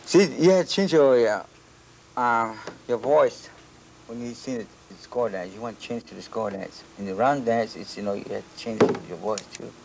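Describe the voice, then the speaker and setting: An older Navajo man, a traditional singer whose first language is Navajo, answers interview questions in halting, restarting English. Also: medium pitch, vocal fry, a little mellow, slight background noise. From Navajo Nation. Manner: halting, searching for words, many restarts. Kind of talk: archival interview.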